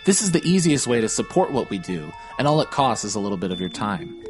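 A man reading a podcast outro in a steady, even scripted way. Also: fairly low pitch, fast. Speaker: podcast announcer. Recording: voice over loud music. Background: loud music bed.

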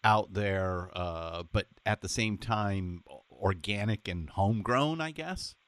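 A man's voice: fairly low pitch, slow pace, fairly bright tone, no echo. A man interviewing a guest, mostly adding short agreeing remarks. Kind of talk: casual interview.

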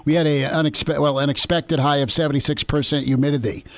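A man's voice: on the high side, fairly even intonation, fast. A man hosting sports talk radio, casual and joking, with many fillers. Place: radio studio.

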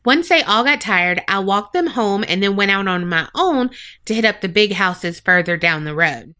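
A woman's voice: mid-range voice, expressive, moderate pace, bright, forceful tone. A woman co-hosting a podcast, chatting agreeably and reading a listener's story aloud. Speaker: podcast co-host. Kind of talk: casual chat and reading listener stories aloud.

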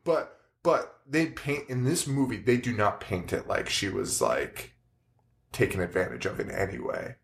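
A man's voice: fairly low pitch, unhurried, creaky. Laughing man retelling movie scenes. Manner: animated retelling with laughs and acted quotes. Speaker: podcast co-host. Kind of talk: casual movie chat.

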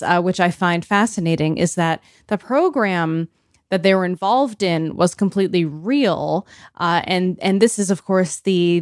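A woman's voice: lowish voice, dry recording, studio quality. A woman co-hosting a book podcast, chatting casually and laughing easily at herself. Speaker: podcast co-host.

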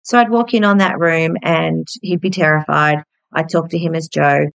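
A woman in her thirties speaks gently and candidly, reflecting as she tells a personal story on her podcast. Her voice sits on the low side, and the recording is dry and close to the mic. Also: steady tone, moderate pace, gravelly, clear, resonant tone, no echo, poor audio. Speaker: podcast host.

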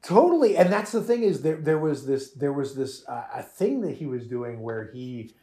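A man's voice: on the high side, big pitch swings, moderate pace, warm tone. A man hosting a podcast, chatting animatedly about a show with frequent laughs and restarts. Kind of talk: casual chat reviewing a show.

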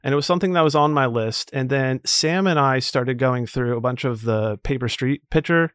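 A man's voice: mid-range voice, normal speed, a bit bright, clear, resonant tone, dry recording, clean studio sound. A man hosting a horror movie podcast, chatting casually and rambling with restarts. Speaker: podcast host.

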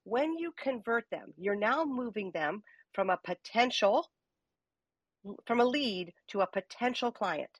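A woman's voice: on the high side, a little slow, slightly rough, dry recording, lo-fi sound. A woman hosting a live audio room as a business coach, talking energetically and checking in with her listeners. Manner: lively, uses many rhetorical "okay?" check-ins.

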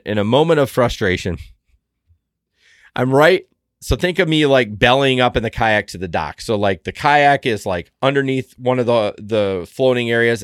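A man co-hosting a podcast, telling a story in casual chat, animated, jumping between loud outbursts and muttered asides. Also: medium pitch, no room sound, studio quality. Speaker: podcast co-host.

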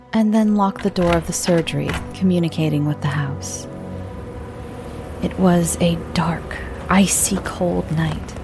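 A woman narrating a classic ghost story in a measured, dark way, dropping into whispers for suspense. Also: on the low side, gravelly.

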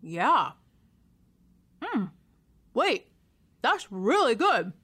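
A woman acting a calm, patient partner in a comedy who teases gently. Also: on the high side, extremely slow. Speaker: baker's partner. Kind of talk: comedic radio drama acting.

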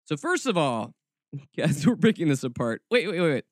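Animated, sarcastic male podcast host. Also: fairly high pitch, moderate pace, dry recording, clean studio sound. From American South. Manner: animated and mocking, full of asides. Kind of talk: sarcastic commentary.

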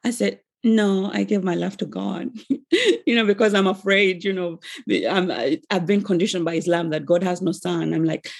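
A woman in her forties giving an earnest, emotional personal faith testimony, with pauses and restarts. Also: on the low side, vocal fry, husky. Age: 40s.

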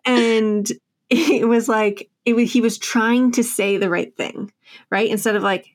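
A woman's voice: on the high side, a little slow. A woman in her thirties, a book author, talking candidly and chattily as a podcast guest and laughing often. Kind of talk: casual podcast conversation.

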